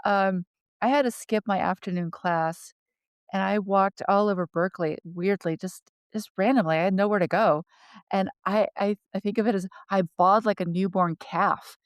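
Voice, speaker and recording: A woman co-hosting a casual conversation, telling personal stories with lively restarts and laughter. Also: medium pitch, moderate pace, smooth, no echo, studio quality. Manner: animated storyteller, frequent restarts and laughter. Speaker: podcast co-host.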